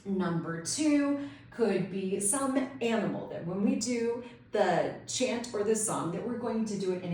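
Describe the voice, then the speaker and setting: A woman's voice: mid-range voice, expressive, unhurried, darkish tone, a little hiss or hum. Upbeat woman tutor, instructional video, very echoey room, mic at a distance. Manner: upbeat, enthusiastic explaining. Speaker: homeschool co-op tutor.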